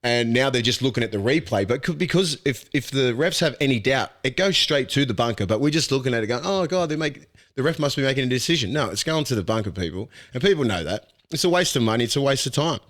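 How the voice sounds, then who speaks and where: A man with an Australian accent, a podcast host and former rugby league player, talking sport in a blunt, animated way and swearing freely. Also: medium pitch, quick pace, hardly any pauses. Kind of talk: casual sports chat.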